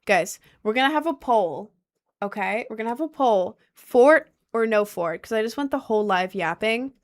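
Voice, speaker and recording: A young adult woman livestreaming, chatting casually and reacting to her chat with lots of slang and quick asides. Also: a little high, expressive.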